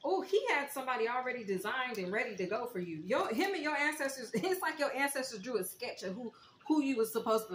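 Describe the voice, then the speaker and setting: A woman's voice: on the high side, expressive, a little fast. Emotional woman giving an echoey tarot reading. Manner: emotional, preacherly, breaks into soft song. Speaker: tarot reader. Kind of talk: spiritual tarot reading to viewers. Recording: echoey room with faint noise.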